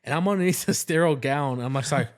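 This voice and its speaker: A man's voice: fairly high pitch, fast. A man co-hosting a casual podcast, a newly trained nurse telling work stories in a rambling way with many restarts. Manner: rambling, full of restarts and quoted dialogue. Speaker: podcast co-host, new nurse. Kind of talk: casual chat.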